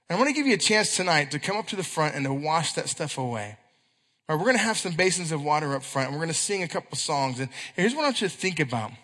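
Bright, high-voiced preacher man in a hall. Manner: animated storytelling with quick asides and acted quotes. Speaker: youth pastor. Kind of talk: sermon. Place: church hall. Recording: echoey church hall.

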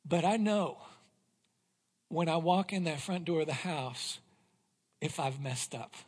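A man's voice: a little high, a little slow, slightly rough. A man preaching a sermon in a church, reading scripture aloud and building to earnest emphasis. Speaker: pastor. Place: church sanctuary. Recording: long hall reverb.

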